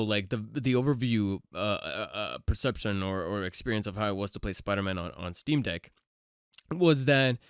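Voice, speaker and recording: A man's voice: on the low side, clear, resonant tone, no room sound, studio quality. A man hosting a podcast, chatting casually and rambling with lots of fillers and restarts, getting over a cold. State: recovering from a cold. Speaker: podcast host. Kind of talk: casual solo podcast chat.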